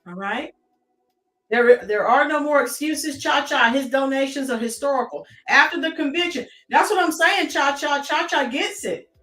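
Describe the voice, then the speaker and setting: A woman's voice: high-pitched, expressive, moderate pace, sharp tone, echoey room, distant mic. An American woman hosting a live-stream commentary, chatting and greeting her chat viewers by name. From United States.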